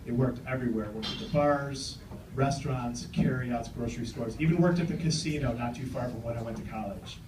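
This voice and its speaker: A man in his forties doing a stand-up set on a club stage, brash, with loud punchlines and banter with the crowd. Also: mid-range voice, brisk, distant mic, background noise. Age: 40s. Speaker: stand-up comedian. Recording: roomy club with crowd laughter. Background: audience laughing.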